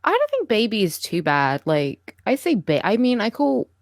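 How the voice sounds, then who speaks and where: A young adult woman guesting on a podcast, chatting casually with blunt, deadpan jokes. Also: medium pitch, moderate pace, no echo, studio quality. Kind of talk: casual chat.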